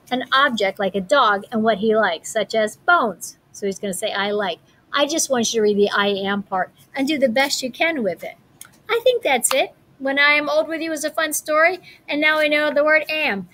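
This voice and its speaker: Woman teacher, slow, encouraging. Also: on the high side, fairly bright tone, a little hiss or hum, low-quality recording. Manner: encouraging, speaks slowly and clearly. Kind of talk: reading aloud and teaching a lesson to young children.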